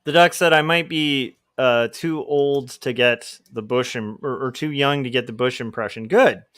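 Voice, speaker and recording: A man's voice: mid-range voice, normal speed, fairly bright tone. A man chats loosely on a livestream while he draws comics, often poking fun at himself. His voice sits mid-range for a man. The sound is dry and close, with no room echo. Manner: rambling and self-deprecating, with laughs. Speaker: livestream host and comic artist. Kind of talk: casual livestream chat.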